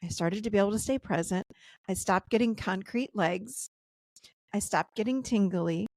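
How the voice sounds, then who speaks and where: A woman's voice: mid-range voice, moderate pace, a little mellow, dry recording. A woman in her fifties, a guest therapist and coach, telling personal stories in a podcast interview over a video call, acting out the voices of the people in them.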